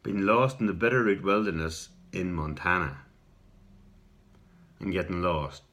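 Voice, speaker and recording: A middle-aged Irish man telling a rambling personal story in a casual vlog, repeating words and clearing his throat now and then. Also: sits low, a little slow, a bit bright. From Ireland. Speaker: video response storyteller.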